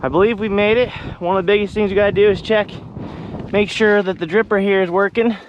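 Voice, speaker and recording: A man's voice: high voice, fast talker, highs cut off. A farmer from Kansas casually talking viewers through his work outdoors, walking his field and a bit out of breath. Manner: relaxed, talks to viewers while walking a field. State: out of breath with hiccups. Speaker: farmer vlogger. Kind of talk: casual vlog narration while working. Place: outdoors on a windy farm field. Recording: wind noise on the mic.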